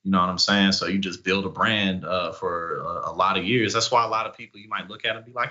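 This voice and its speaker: A man's voice: sits low, steady tone, fast talker, hardly any pauses, sharp tone, highs cut off. A man as a guest commentator in casual chat, talking loosely with fillers and chuckles.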